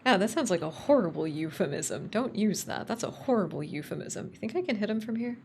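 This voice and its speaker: A young woman streaming a video game, chatting casually in a playful, giggly, expressive way and swearing now and then. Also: mid-range voice, a little fast, gravelly, slight background noise.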